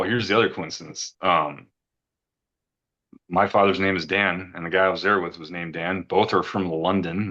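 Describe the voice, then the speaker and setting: Here a deep-voiced middle-aged man with a bright, forceful tone gives a retreat testimonial. He tells his personal story earnestly, rambling and doubling up words when he gets emotional, and the audio has its highs cut off.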